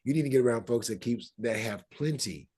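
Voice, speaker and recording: In a room with a live audience, a man teaches a class on spiritual ideas, speaking a little fast with a medium-pitched, warm, slightly rough voice. He's conversational, checks in with his listeners and acts out everyday quotes.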